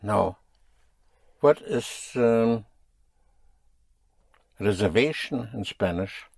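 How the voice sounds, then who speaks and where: A man's voice: lowish voice, expressive, drawn-out words, creaky, darkish tone, no room sound. Man teaching a language lesson. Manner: patient, drilling students with questions.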